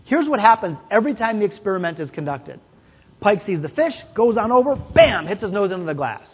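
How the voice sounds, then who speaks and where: Animated man speaking in a conference hall. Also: high voice, fairly quick, husky. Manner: animated, storytelling with quoted voices and questions to the audience. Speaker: keynote speaker. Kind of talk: conference keynote storytelling. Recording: dull, hall-echoed conference recording.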